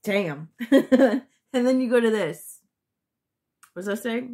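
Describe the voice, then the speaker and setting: A woman's voice: fairly high pitch, expressive, slow, mellow, a little hiss or hum. A woman giving a casual tarot reading to her viewers, blunt and sometimes profane, thinking aloud and restarting her sentences. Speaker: tarot reader.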